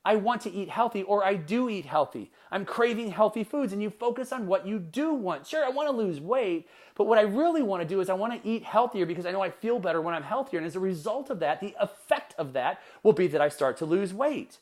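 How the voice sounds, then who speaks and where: A man with a fairly high voice delivers a motivational podcast monologue as its host. He talks with energy and drives his points home with repeated rhetorical questions. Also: lively intonation, brisk, few pauses, darkish tone. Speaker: podcast host and life coach.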